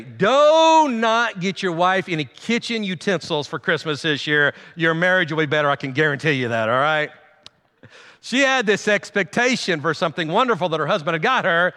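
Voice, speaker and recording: A man's voice: sits high, sharp tone. A middle-aged man, preaching a sermon and telling funny stories while calling out to the congregation. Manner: calls out to the congregation, humorous storytelling. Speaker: pastor. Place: large church sanctuary. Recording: long hall reverb.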